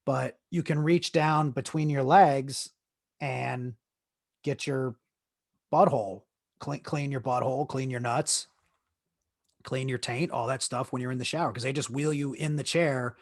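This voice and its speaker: A man's voice: medium pitch, steady tone, unhurried, vocal fry, dry recording, studio quality. A man hosting his own podcast, telling a crude, joking story in a rambling way with many restarts while his leg hurts. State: in leg pain while seated. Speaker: podcast host. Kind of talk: casual storytelling monologue.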